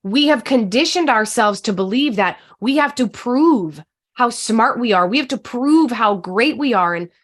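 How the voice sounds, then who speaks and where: A woman's voice: fairly high pitch, animated, a little slow. A woman guest, a communication coach, talking passionately and emphatically in an interview. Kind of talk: interview conversation.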